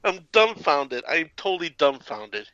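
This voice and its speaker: Slow-talking jokey podcast co-host. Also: male voice, a little high, big pitch swings, dull audio, crowd noise. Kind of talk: casual comedic banter.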